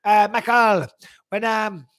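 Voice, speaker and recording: A man's voice: high-pitched, fairly bright tone, voice pushed up. A man putting on a French Canadian accent to voice a hesitant fighter explaining breathing. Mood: earnest. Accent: French Canadian, put on. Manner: halting, repeats words while searching. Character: soft-spoken French Canadian fighter giving breathing advice.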